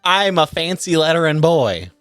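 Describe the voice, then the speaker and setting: A man running a tabletop game with a lively, swinging voice and a loose, rambling style full of fillers and casual swearing. The mic is dry and close, with soft background music playing. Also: fairly high pitch, moderate pace, clean tone, dry recording. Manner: rambling with many fillers, laughing and cursing. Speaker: game master.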